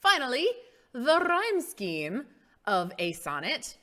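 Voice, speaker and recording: A woman's voice: high-pitched, wildly swooping pitch, slow pace, sharp tone. A woman teaching a casual mini-lesson, playful and emphatic, who exaggerates word stress to make her point. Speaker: English teacher.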